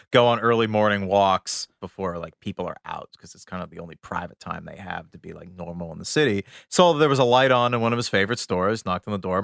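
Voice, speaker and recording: A man co-hosting a podcast, telling a long anecdote in a lively, casual way and dropping his voice low for asides. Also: vocal fry, no echo, clean studio sound. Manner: animated storyteller, drops voice low for asides. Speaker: podcast co-host. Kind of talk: casual chat, storytelling.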